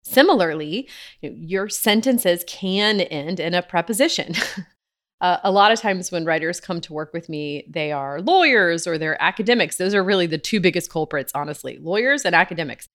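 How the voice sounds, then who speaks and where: A woman's voice: on the low side, lively intonation, normal speed, fairly bright tone. A woman podcast host and writing coach giving casual, upbeat tips, often laughing at herself. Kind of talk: casual teaching talk.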